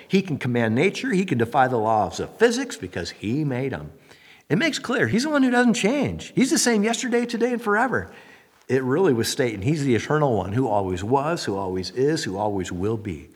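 Animated husky-voiced male pastor preaching. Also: mid-range voice, long reverb tail. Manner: animated, acts out quoted voices. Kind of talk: sermon.

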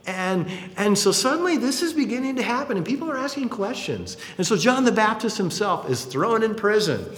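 A male pastor delivers a sermon with lively, swooping intonation, slipping into character to act out quotes. His voice sits fairly high. The recording carries the long reverb of a large hall. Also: brisk. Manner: animated, acts out quotes.

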